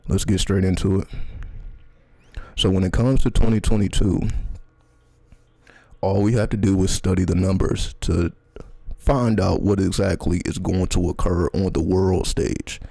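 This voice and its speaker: A man hosting a casual livestream outdoors in cold air, talking loosely about numerology and sometimes dropping into a slow, soft delivery. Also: low-pitched, steady tone, gravelly, dry recording. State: mouth burning from spicy candy, runny nose. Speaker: livestream host, numerology speaker. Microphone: handheld or clip mic, adjusting filter.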